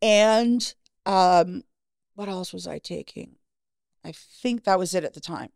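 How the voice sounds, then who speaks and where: A middle-aged woman speaks as a guest, her voice sitting a little low. She tells her story frankly, with casual swearing, and acts out the lines of others. The sound is dry and close. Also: takes it slowly, gravelly, a little mellow, no room sound. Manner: frank and profane, acting out quoted dialogue. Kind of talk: candid personal storytelling.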